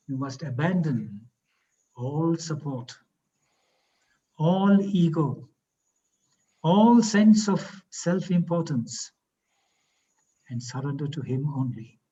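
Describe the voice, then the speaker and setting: A man, a professor giving a spiritual talk and telling stories with slow, emphatic phrasing. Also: on the high side, mellow, highs cut off. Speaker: guest speaker, professor.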